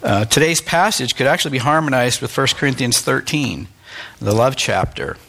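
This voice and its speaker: A man's voice: mid-range voice, expressive, moderate pace, sharp tone. A middle-aged man, a pastor, giving a candid, plain-spoken, conversational sermon with self-deprecating asides.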